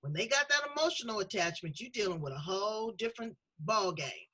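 Talk host, woman, middle-aged, bright and slightly husky, folksy and emphatic. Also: mid-range voice, expressive, a little fast, poor audio. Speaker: show host. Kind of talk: casual talk-show conversation.

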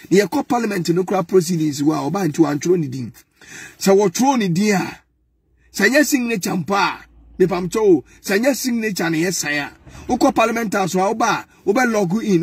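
A man's voice: high-pitched, husky, dry recording, studio quality. A Ghanaian man giving mocking, exasperated political commentary, now and then breaking into laughter.

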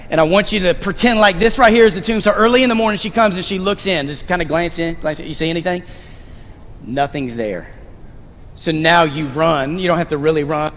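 A high-voiced male pastor preaches a sermon from a church stage, animated, directing volunteers on stage and tossing in playful asides. The recording carries the long reverb of a large, echoing sanctuary, with a little hiss or hum.

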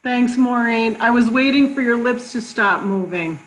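A woman's voice: on the high side, normal speed, low-quality recording. A woman hosting a live online question-and-answer session over a video call, chatty and friendly, with some fillers. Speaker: host of an online conference preview. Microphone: computer mic on a video call.

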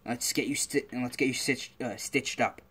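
Guy doing a bossy villain leader, snappy, kinda scolding, slightly higher voice. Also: fairly even intonation, moderate pace, fairly bright tone, husky. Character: bossy irritable young male villain leader.

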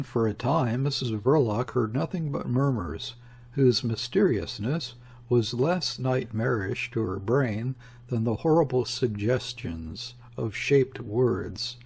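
A man narrating a classic novel in a slow, measured audiobook reading. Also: mid-range voice, creaky, darkish tone, husky.

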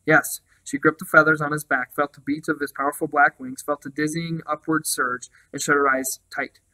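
A man reading a children's novel aloud in a steady, even way, with small slips now and then. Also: a little high, fairly quick, poor audio. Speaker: storybook reader.

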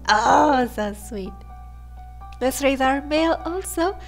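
A high, light female voice that drawls along at a very unhurried pace. She chats casually over her game, gushing and breaking into giggles often, with faint game music playing behind her. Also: animated. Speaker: let's play host.

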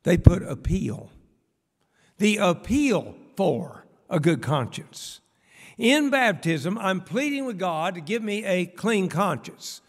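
A man's voice: high-pitched, big pitch swings, takes it slowly. An older man preaching a sermon in a church, folksy, with rhetorical questions and humorous asides. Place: church sanctuary. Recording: long church reverb.

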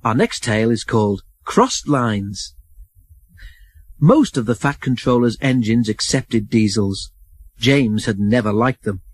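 Man, storybook narrator, expressive reading, husky voice, dry sound, medium pitch. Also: measured pace, dry recording, poor audio.

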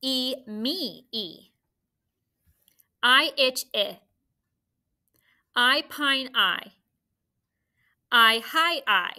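A woman teacher with a very bright, sharp tone speaks slowly and deliberately. She leads a phonics drill, saying each letter and key word so children can repeat it. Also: high voice, animated. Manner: slow, clear call-and-response drilling. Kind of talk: classroom video lesson, phonics drill.

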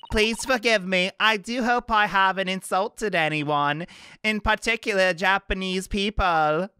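A man reading game dialogue as a scornful, haughty English lady in a put-on British accent, slow and disdainful. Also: high voice, pushed and bright, a little hiss or hum, pitched above the performer's own voice. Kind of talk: video game voice-over reading.

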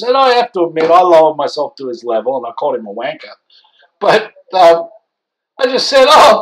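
A man's voice: sits high, low-quality recording. A man ranting indignantly in an opinion vlog, exasperated and scolding. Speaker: vlogger.

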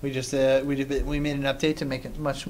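A man hosting a game livestream, chatting excitedly and rambling with plenty of restarts. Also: medium pitch, a little fast, a little hiss or hum. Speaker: community host of game livestream. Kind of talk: casual livestream chat while playing.

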